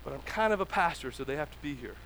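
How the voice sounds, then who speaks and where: Male pastor, thirties, high-pitched, chatty and animated from the pulpit. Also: quick pace, gravelly, a little hiss or hum. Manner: casual, animated, acts out dialogue in asides. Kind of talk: conversational sermon.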